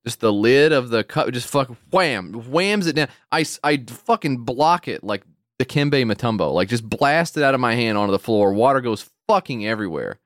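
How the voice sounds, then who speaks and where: Animated, swearing podcast host, dry mic. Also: male voice, no echo. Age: adult with a wife and kid. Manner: animated, profane, jumps into high mock voices. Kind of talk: casual comedic chat.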